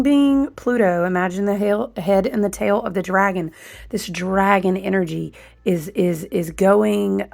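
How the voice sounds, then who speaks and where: A woman's voice: medium pitch, creaky. A woman getting over a chest cold talks through a spiritual astrology chat, drifting from thought to thought. She stops to restart sentences and fills the gaps with "um" and "like". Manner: rambling, stream-of-consciousness, with many fillers and restarts. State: recovering from a chest cold, occasional coughs. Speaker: astrology and tarot channel host. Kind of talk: casual spiritual monologue.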